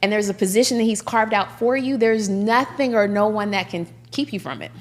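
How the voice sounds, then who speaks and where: A middle-aged woman judge telling her story in a casual interview, emphatic and animated. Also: mid-range voice, a little fast. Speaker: judge, podcast guest.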